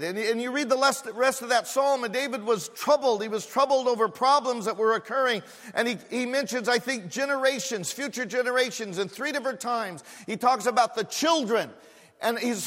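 A man's voice: very high voice, lively intonation, moderate pace, a bit bright. A man preaching a sermon as a pastor, repeating phrases with growing fervor. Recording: echoey hall with long reverb.

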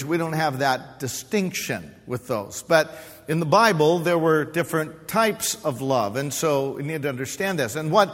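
High-voiced male pastor preaching in a hall. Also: a bit bright. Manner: expository preaching with rhetorical questions to the congregation. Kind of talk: sermon. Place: church sanctuary. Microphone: pulpit microphone.

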